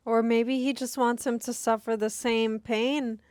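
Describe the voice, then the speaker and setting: A woman co-hosting a movie reaction, chatting casually and gasping with excitement. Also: a little high, unhurried, no echo, clean studio sound.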